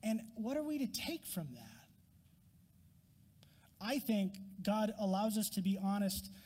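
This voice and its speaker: A man's voice: sits high, expressive, measured pace, a little mellow, in a large hall. A man preaching a sermon, emphatic and honest, acting out Job's complaints to God with rising intensity and dropping to whispers. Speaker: pastor.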